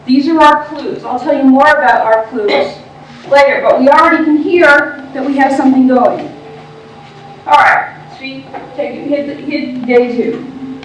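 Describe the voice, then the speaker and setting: High-pitched woman teacher running a class, bossy and quick, echoey room far from the mic. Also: a little hiss or hum. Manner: brisk, directive, prompting the group. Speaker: teacher leading a workshop. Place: large room with a group.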